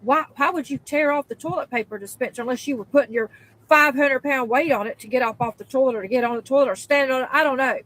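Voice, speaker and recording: High-voiced woman in a profane rant. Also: fast talker, rough recording. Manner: profane, exasperated, emphatic; spikes into loud high outbursts. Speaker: worker venting in a video clip. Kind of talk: angry storytelling rant.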